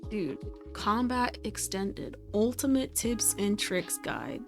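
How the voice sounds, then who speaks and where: A woman's voice: medium pitch, slow pace, over music. A woman streaming a game and chatting casually, rambling and amused with herself. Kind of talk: casual gaming stream chat.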